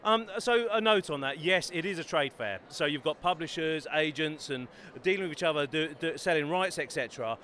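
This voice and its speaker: Bright, eager author plugging his books. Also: on the high side, brisk, few pauses. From Bedford, England. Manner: upbeat, chatty, eager to plug his books. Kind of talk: enthusiastic self-promoting interview. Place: busy trade fair hall.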